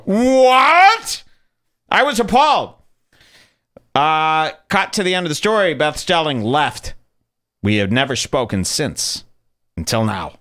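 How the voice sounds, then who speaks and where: A man hosts a podcast from a studio and comments on video clips. He talks casually and sarcastically, and his pitch swings widely as he animates his story. He speaks into a close studio microphone. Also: bright, forceful tone. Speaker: podcast host.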